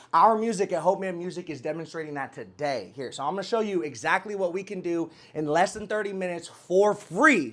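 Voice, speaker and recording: A man hosting a casual talk show, hyped and preachy, repeating phrases and using slang. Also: a little high. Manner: slangy, talks to a cohost by name. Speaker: podcast host. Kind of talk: casual chat and promotion.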